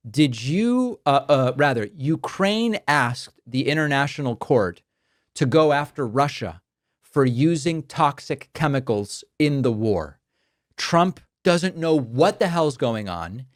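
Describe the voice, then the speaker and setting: A man narrating political video clips in a brisk, sardonic way. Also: medium pitch, no room sound, studio quality. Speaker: political commentator.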